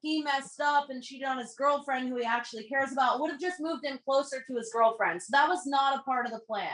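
Young woman, animated storyteller, swears a lot, slightly high voice, roomy echo. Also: brisk. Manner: animated, swears freely, acts out dialogue. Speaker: podcast guest. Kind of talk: casual storytelling. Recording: echoey room.

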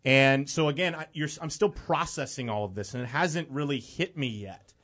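A young man from the Chicago area speaks as a talk show guest at an ordinary, middle pitch. He tells his story earnestly and rambles a little, leaning on "you know" as he goes. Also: normal speed, a bit bright. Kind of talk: personal storytelling in conversation.

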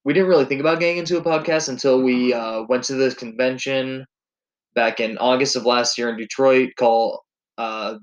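Male podcast host, casual and enthusiastic, middle-pitched everyday voice. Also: fairly even intonation, normal speed, dull audio. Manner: easygoing, enthusiastic recommendations. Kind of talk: casual chat.

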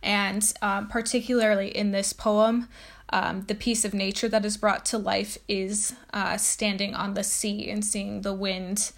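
A woman's voice: mid-range voice, level tone, measured pace, vocal fry. A woman giving an informal lecture on a poet and reading a poem aloud, with frequent ums and uhs. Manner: casual, many ums and uhs. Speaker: teacher presenting a poet.

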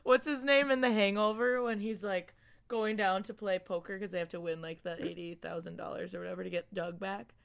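A woman's voice: medium pitch, fairly even intonation, brisk, gravelly, smooth. A woman co-hosting a casual podcast, talking in a rambling, giggly way with many fillers. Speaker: podcast co-host.

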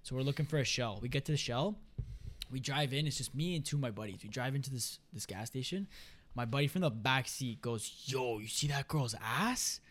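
A young man, a podcast guest telling a profane, animated story and quoting friends in put-on voices. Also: medium pitch, fairly quick. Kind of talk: casual storytelling chat.

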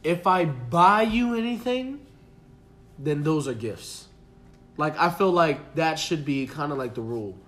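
A man with a high, bright voice, telling a story in casual podcast chat. He laughs often and acts out what people said in animated bursts. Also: measured pace, faint music behind. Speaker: podcast guest.

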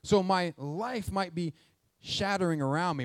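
A man, a pastor preaching a sermon to his church with lively call-and-response questions. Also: dry recording. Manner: jokes aside in a quiet, quick low voice. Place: church sanctuary with congregation.

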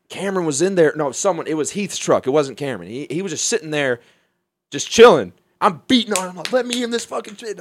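A young man from Alabama telling a wild story in casual talk, profane and animated, often laughing. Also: fairly high pitch, dry recording.

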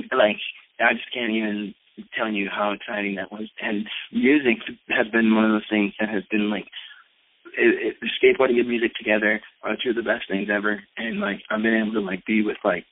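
A man in his late fifties telling a story in a casual, animated way, full of fillers. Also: medium pitch, no echo. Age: 50s. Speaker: skateboarder and rapper. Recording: tinny phone-like radio sound.

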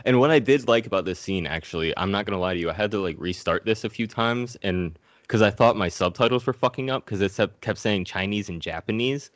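Low-voiced man doing a crude movie recap. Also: fairly quick, hardly any pauses, dry recording. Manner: profane, acts out characters in goofy voices. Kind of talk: casual comedic movie recap.

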